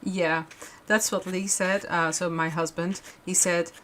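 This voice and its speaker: Low-voiced woman chatting while she crafts. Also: little pitch movement, unhurried, a bit bright. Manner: rambling, with frequent restarts and fillers. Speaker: crafting livestream host. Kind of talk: casual chat while crafting.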